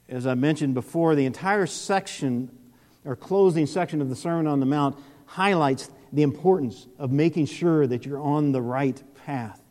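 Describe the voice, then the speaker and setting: A male pastor delivers a sermon in a slow, earnest, measured way, often restarting a phrase before pressing on. His voice sits a little high and has a mellow, dark tone. A long reverb trails behind his words, as if he is speaking in a large hall.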